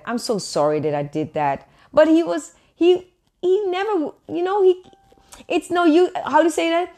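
Earnest woman preaching, high voice. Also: darkish tone. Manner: earnest, encouraging, repeats phrases for emphasis. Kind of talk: live-streamed sermon. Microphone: webcam or phone on a live stream.

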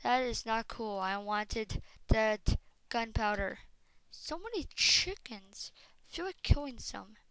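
A woman doing casual game commentary, talking to viewers and bursting into frustrated shouts. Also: a little high, slow, clean tone, no echo. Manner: talks straight to viewers as "guys". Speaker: gaming commentator.

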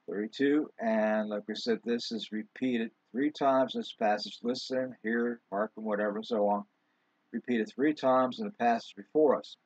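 A man's voice: medium pitch, darkish tone, slightly rough, dry recording. Lo-fi recorded male pastor preaching. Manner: conversational preaching with fillers and asides. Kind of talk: sermon. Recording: dull, lo-fi sound.

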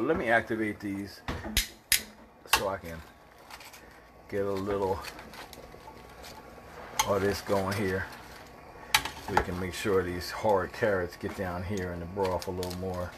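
A man hosting a casual home cooking show, excitable and joking, his voice jumping high when he gets worked up. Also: a little slow, pauses often, very noisy.

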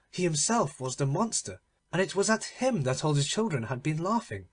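A man reading a classic story aloud as an audiobook narrator, with expressive, dramatic delivery. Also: fairly high pitch, slightly rough.

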